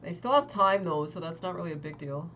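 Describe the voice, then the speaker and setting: Young woman, lowish voice, chatty and exasperated, casual livestream talk, faint hiss and keyboard typing. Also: animated, a bit bright. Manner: chatty, quick and exasperated, lots of "like". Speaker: trading livestream host. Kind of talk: casual market commentary to chat.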